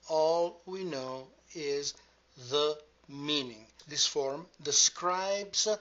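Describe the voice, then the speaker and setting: A man teaching a grammar lesson, patient and measured, spelling out each form. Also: a little high, sharp tone. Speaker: language teacher. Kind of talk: slow, deliberate grammar lesson. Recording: dull lo-fi sound.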